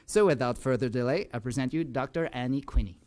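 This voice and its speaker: A man's voice: medium pitch, a little fast, background noise. A man hosting a lecture series, reading out a prepared introduction of a guest speaker, with a few small slips he corrects as he goes. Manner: reads carefully, with small slips and self-corrections.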